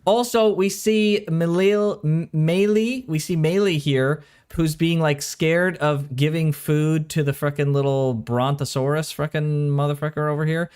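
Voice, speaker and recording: A man's voice: on the high side, steady tone, measured pace, hardly any pauses, darkish tone, clear, resonant tone. Laid-back man chatting on a stream. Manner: laid-back, swears casually, loose rambling speech. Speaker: co-host of an anime reaction stream. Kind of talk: casual chat. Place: home recording room.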